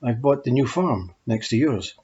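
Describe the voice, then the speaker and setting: A man's voice: medium pitch, expressive, moderate pace, darkish tone, husky. A man voicing a friendly new male neighbor, a shepherd, politely introducing himself in a spoken story. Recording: dull lo-fi recording.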